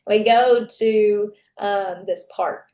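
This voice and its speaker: A young woman, a podcast guest, recounts her story plainly and openly, cursing without a second thought and acting out the lines of everyone involved. Her voice sits at an ordinary middle pitch and echoes around the room she is recorded in. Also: fairly even intonation, drawn-out words, warm tone. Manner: candid, profane, reenacts dialogue. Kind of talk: personal storytelling.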